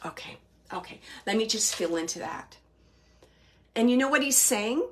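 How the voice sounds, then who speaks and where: A woman giving a live spirit reading as a medium, speaking gently and hesitantly with many pauses, earnestly relaying messages. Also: a little high, expressive. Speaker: psychic medium.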